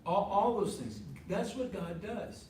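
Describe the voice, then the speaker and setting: A man's voice: high voice, a little slow, a little mellow. Male ministry teacher, conversational class talk; heavy room echo, faint background noise. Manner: conversational, repeats points, asks the class questions. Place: meeting room with a group. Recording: very echoey room from far off.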